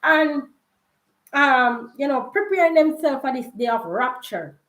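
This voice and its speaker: A young Jamaican woman telling a story in a casual vlog, chatty and quick to laugh, slipping into patois. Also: sits high, expressive, fairly bright tone. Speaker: vlogger. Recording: roomy echo.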